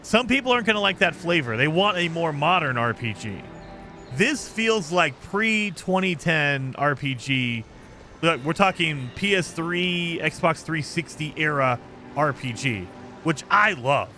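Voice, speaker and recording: A man's voice: on the high side, lively intonation, measured pace, pushed and bright, faint music behind. A man streaming a game, chatting casually and rambling about his impressions. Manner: chatty, rambling, laughs often. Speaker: gaming streamer. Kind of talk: casual let's-play commentary.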